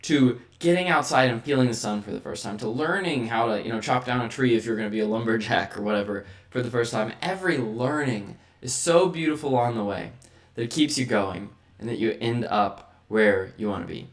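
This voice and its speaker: A vlog host delivers a motivational monologue, repeatedly checking in with the listener by asking "right?" in a rhetorical way. He has a mid-range voice and talks a little fast.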